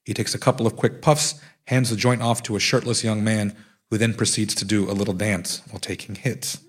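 Husky man reading his own memoir. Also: lowish voice, fairly quick. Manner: wry storytelling, steady narration. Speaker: author.

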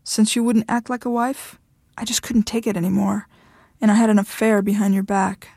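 A woman's voice: mid-range voice, steady tone, normal speed, vocal fry, a little mellow, dry recording, studio quality. A woman voicing a heartbroken man who pleads with his estranged wife, tearful and insistent. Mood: confessing.

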